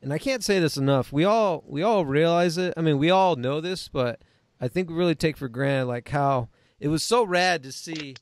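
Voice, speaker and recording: A man with a slightly raised pitch co-hosts a laid-back podcast, joking and teasing as he talks. His words sometimes stumble and restart. The sound is close and dry, with no room around it. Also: dry recording. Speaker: podcast co-host. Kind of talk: casual chat.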